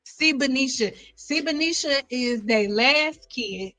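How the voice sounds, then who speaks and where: A woman hosting a hair care live stream, joking around in a playful, animated way and repeating lines for effect. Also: high voice, slow pace, faint music behind, poor audio.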